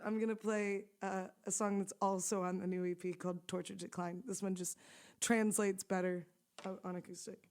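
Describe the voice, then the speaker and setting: A young woman musician chats as a guest in a casual interview, rambling with lots of "like" fillers and frequent laughs. Her mid-range voice is darkish and flat in delivery, at a normal speed.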